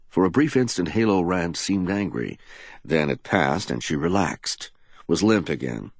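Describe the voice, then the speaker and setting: A man's voice: low voice, lively intonation, moderate pace, no room sound. A man narrating a hard-boiled crime story, giving each character a voice. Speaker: audiobook narrator. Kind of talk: dramatic audiobook reading.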